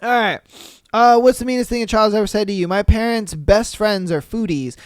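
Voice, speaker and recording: Brief: male podcast host, smooth clear voice, dry close sound, crude slangy commentary. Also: high voice, fairly quick, dry recording. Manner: profane, slangy, laughing reactions. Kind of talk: casual podcast reading listener posts with commentary.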